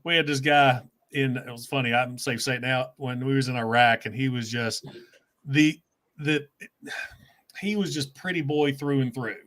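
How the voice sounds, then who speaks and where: A man's voice: medium pitch, normal speed, fairly bright tone. A man hosting a casual chat, telling stories in a laid-back way and chuckling as he goes. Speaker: host.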